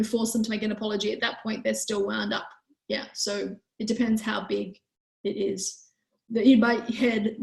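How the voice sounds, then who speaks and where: A woman hosting a live online parenting workshop who answers questions in a gentle, calm, explanatory way. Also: mid-range voice, gravelly, roomy sound, rough recording. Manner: gentle, calm, explanatory, with frequent "you know".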